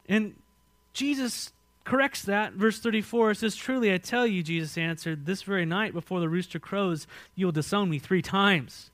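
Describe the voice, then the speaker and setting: Dynamic American preacher, higher voice. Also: male voice, normal speed, no echo. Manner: dynamic preaching, swings from loud and emphatic to quiet and hushed; asks the congregation direct questions. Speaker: pastor. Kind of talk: sermon.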